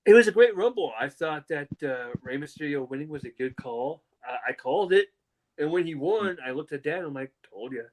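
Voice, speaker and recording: A young man co-hosting a casual wrestling podcast, an animated storyteller who slips into mocking fake-crying voices. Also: on the high side, a little fast. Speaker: podcast co-host.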